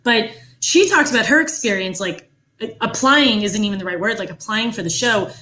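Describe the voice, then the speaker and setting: A young woman co-hosting a casual podcast, animated and full of fillers. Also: medium pitch, fairly quick, poor audio. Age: young adult. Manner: animated, laughs, uses many fillers. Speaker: podcast co-host.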